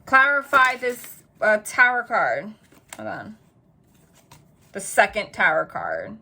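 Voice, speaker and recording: A woman reading tarot in a casual vlog, chatty and rambling, telling animated stories full of quoted dialogue. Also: medium pitch, slow pace, gravelly, slight background noise. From New Jersey. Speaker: tarot reader.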